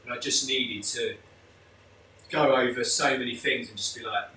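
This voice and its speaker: A man's voice: medium pitch, fairly even intonation, moderate pace, sharp tone, slight background noise. A man talking openly and emotionally as a guest, with many restarts. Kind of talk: candid conversational interview. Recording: echoey room, mic at a distance.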